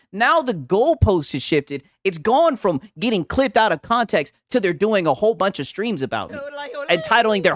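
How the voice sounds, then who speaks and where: A man's voice: high voice, a bit bright, no echo, clean studio sound. A man reacting to clips on a live stream, mocking and sarcastic, tagging his points with "right?". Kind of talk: casual live-stream commentary.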